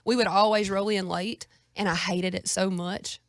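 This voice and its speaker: A young woman with a Southern US accent, chatting as a guest in a casual radio interview, folksy and quick to laugh. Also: mid-range voice, steady tone, dry recording, clean studio sound. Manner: folksy, drawling, laughs easily. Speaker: guest singer-songwriter.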